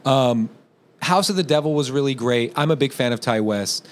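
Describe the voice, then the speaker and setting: A man's voice: medium pitch, normal speed. A man hosting a podcast in casual chat, rambling and stammering with jokey asides. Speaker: podcast host.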